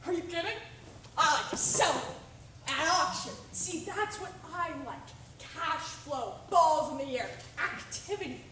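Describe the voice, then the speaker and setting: A woman playing a brash male Hollywood agent, high and distant. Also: lively intonation. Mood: smooth-talking. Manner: brash, wheedling, rapid-fire sales patter. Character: fast-talking pushy male Hollywood agent. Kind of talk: amateur stage play. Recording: distant echoey stage recording with hiss.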